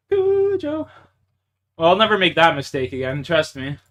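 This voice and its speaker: A man's voice: fairly high pitch, quick pace, sharp tone. A young man from Canada, streaming a game live, chatting casually with viewers, laughing often, swearing and mocking himself, muttering to himself as he plays. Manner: laughs a lot, swears, self-mocking, calls viewers bro and dude; mutters to himself while playing. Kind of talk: casual live-stream chat while gaming.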